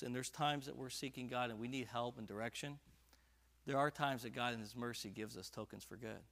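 A man preaching at a church prayer service, reading scripture aloud and rising to loud, fervent emphasis on key lines. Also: medium pitch. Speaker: pastor. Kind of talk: sermon. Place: church sanctuary.

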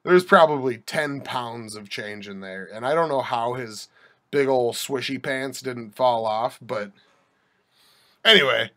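A young podcast host tells a rambling anecdote in a mid-range, slightly bright voice at a measured pace. His wry, joking casual monologue is full of restarts and asides.

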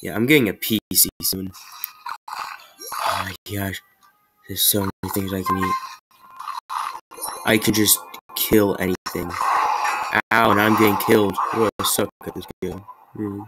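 A man giving rambling, excitable, self-mocking gameplay commentary. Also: deep voice, a little slow, pauses often, over loud music, poor audio. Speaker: gamer.

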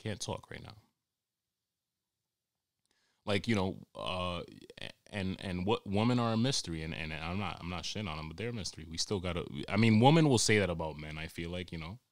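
Stuck at home in quarantine, a New York-accented man goes on a crude, meandering, exasperated comic rant for his podcast. He talks fast in a low voice. The sound is studio quality, with no room noise.

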